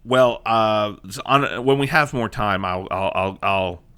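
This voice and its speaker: A man's voice: lowish voice, measured pace, fairly bright tone, clean tone. A man co-hosting a podcast in casual chat, swearing freely and ranting with many restarts. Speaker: podcast co-host.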